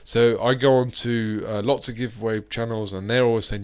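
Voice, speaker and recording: A man's voice: medium pitch, fairly even intonation, moderate pace, clear, resonant tone. A British man hosting a live-stream chat, rambling along with plenty of fillers and restarts. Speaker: host.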